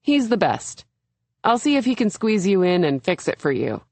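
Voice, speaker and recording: A woman's voice: medium pitch, sing-song, normal speed, darkish tone, no echo, voice pushed up. Woman voicing a bubbly, gushing young woman. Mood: giggly, excited. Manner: gushing, eager, giggly.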